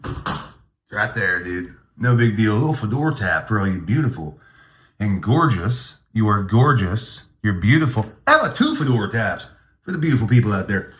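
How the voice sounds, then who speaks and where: A man's voice: on the low side, sing-song, brisk, a bit bright, roomy sound. A man hosting a comedy podcast, rambling through a mock-grandiose, hyped monologue.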